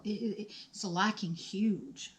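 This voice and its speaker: A woman in her fifties chatting through a makeup vlog at home, rambling and self-mocking with animated asides. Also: medium pitch, slow. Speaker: beauty vlogger. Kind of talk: chatty get-ready-with-me vlog.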